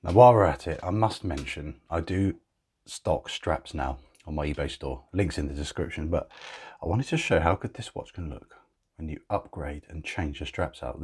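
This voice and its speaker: A man's voice: a bass voice, darkish tone, breathy edge. A man narrating a casual watch review, chatty and gushing with enthusiasm.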